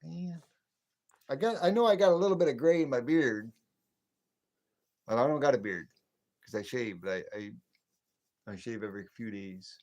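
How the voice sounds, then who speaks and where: A man's voice: mid-range voice, expressive, moderate pace, long pauses, darkish tone. A man in his late fifties from the northern US near the Canadian border, chatting casually and rambling on a late-night livestream. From northern United States near the Canadian border. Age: 50s. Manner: rambling, chatty, chuckles to himself. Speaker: livestream host.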